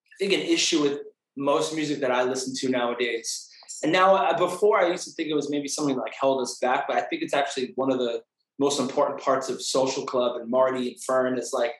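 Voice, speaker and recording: A man's voice: mid-range voice, fairly quick. A man talks in a casual interview, a music producer describing how his songs came together. He is upbeat and chatty, often stopping on "uh" and "um", and his voice rings in a roomy, echoing space. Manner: upbeat, chatty, with hesitant "uh" and "um" restarts. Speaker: music producer and artist interviewed about an album. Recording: echoey room.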